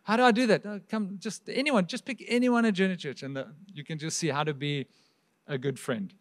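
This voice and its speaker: South african pastor guy, highish voice, chatty sermon, keeps asking the crowd stuff. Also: brisk. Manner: conversational preaching with rhetorical questions. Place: church hall.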